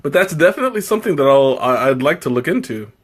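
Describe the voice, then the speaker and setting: A man's voice: on the high side, very animated, fast, husky. A man hosting a casual live tea-tasting stream, chatting to his viewers in a rambling, self-interrupting way, laughing often and teasing himself. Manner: playful, self-mocking.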